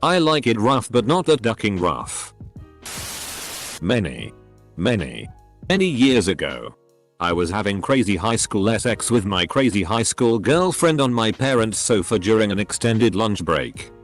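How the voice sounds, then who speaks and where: Synthetic male narrator, text-to-speech, lowish pitch, animated intonation, scripted story reading. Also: measured pace, faint music behind. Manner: synthetic, reads censored words letter by letter. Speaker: narrator reading online posts.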